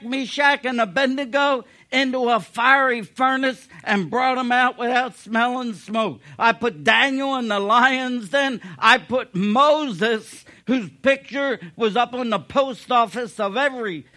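A man's voice: very high voice, measured pace, sharp tone, voice pushed up, exaggerated voice. A man voicing God as a commanding male deity, proclaiming in a raised, emphatic voice.

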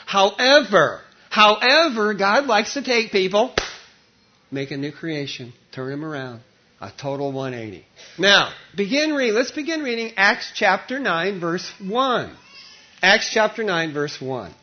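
A man's voice: sits high, very animated, unhurried. A male pastor preaching a sermon, telling a story animatedly with lots of repetition, on a dull, lo-fi recording.

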